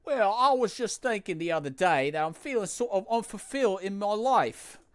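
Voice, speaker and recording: A man's voice: mid-range voice, lively intonation, normal speed, dry recording, close to an everyday voice. A man voicing a tough-talking male gangster who secretly feels unfulfilled, in a put-on gangster accent that slips. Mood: wistful.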